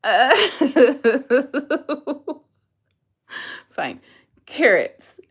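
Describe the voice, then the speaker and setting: A woman's voice: medium pitch, very animated, takes it slowly, long pauses. A young woman vlogger reading an online quiz aloud in casual chat, giggling often. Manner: giggly, breaks into frequent laughter.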